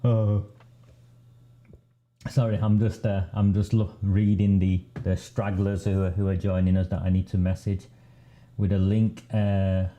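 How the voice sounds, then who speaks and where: A man from northern England hosts a live stream of political commentary, talking slowly and deliberately. His voice is low and deeply mellow. He breaks off into asides now and then. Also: little pitch movement, dull audio. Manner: slow, deliberate, with asides and laughter. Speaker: host.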